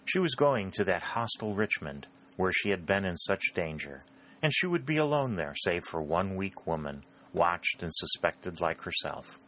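A man with a deep, low voice reads a novel aloud. His narration is steady and measured, in a plain storytelling manner. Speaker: audiobook narrator.

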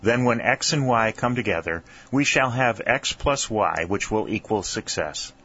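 Reader playing a pedantic young recruit, formal and exact; low voice, dull lo-fi sound. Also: male voice, lively intonation, unhurried, sharp tone, heavily acted. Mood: precise, dry. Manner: precise, formal, pedantic diction. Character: precise, bookish young schoolteacher soldier, man.

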